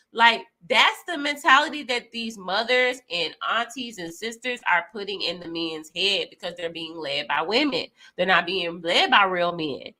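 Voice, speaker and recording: A young woman speaks frankly and plainly in a casual chat, slipping into slang. Her voice is bright and forward, sitting at an ordinary pitch. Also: animated. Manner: candid, frank, slangy, with quick reactions.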